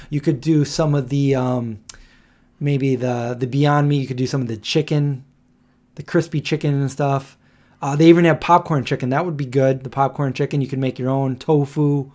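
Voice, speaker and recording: Laid-back man telling a rambling story. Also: a little high. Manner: rambling and animated, laughing through his stories. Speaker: live stream host. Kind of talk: casual storytelling on a live stream.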